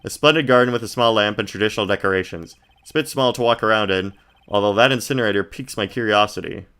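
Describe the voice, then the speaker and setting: A man's voice: fast talker, pushed and bright, clear, resonant tone. A man streaming a game, reading the game text aloud in a casual, laid-back way, often murmuring his asides. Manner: laid-back, reads descriptions in a low murmur.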